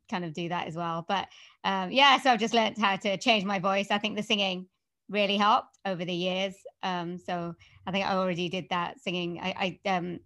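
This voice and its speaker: A woman from Wales with a Welsh accent, a voiceover artist chatting as a guest in an interview, upbeat and quick to laugh, with some hesitant fillers. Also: on the low side, pushed and bright. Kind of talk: casual interview chat.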